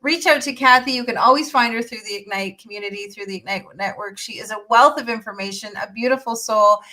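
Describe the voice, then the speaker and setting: Gushing, bright-voiced woman host. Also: medium pitch, steady tone, fast, low-quality recording. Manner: gushing, effusive, upbeat. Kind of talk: enthusiastic promotional interview talk.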